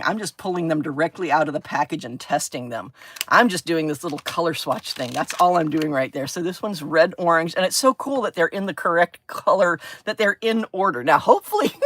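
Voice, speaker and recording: A woman's voice: lowish voice, fairly bright tone, no room sound. A woman hosting a craft livestream, chatting casually and gushing with delight over her supplies. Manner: bubbly, gushing, squeals of delight. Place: craft table at home.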